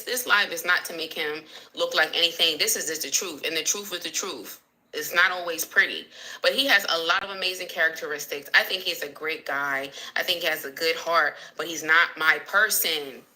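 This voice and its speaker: A woman's voice: lowish voice, pushed and bright, low-quality recording. A woman hosting a casual livestream, speaking candidly and emotionally and answering viewers as she vents about her marriage. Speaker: livestream host.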